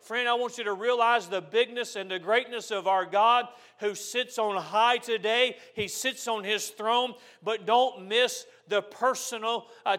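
A man preaching a sermon as pastor, moving from loud declarations to soft, tender passages, repeating phrases. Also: sits high.

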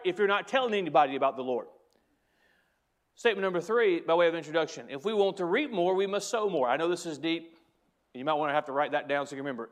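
A man's voice: sits high, animated, quick pace. A man preaching a sermon as pastor, speaking to the congregation directly and driving home key phrases by repeating them.

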